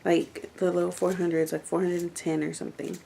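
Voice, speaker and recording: A woman's voice: fairly low pitch, little pitch movement, fairly quick, vocal fry, dark tone, a little hiss or hum. A young woman reviewing a book in casual, rambling chat, full of fillers and restarts. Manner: rambling, chatty, lots of fillers.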